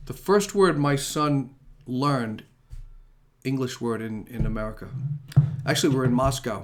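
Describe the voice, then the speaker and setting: A middle-aged man hosting a casual talk show, rambling and joking as he signs off. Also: medium pitch. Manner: rambling, chatty, jokey. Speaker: host.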